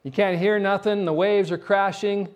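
A middle-aged man preaching a sermon, his voice sitting a little high for a man. He tells stories with energy and often stumbles into restarts and repeated words as he goes. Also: normal speed, dull audio. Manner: animated storytelling with frequent restarts and repeated words. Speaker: pastor.

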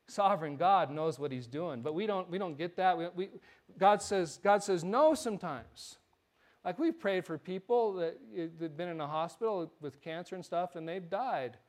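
A man with a notably high voice preaches a sermon in church. He tells stories in a loose, conversational way and stumbles over repeated words as he goes. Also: normal speed, a little mellow. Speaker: pastor.

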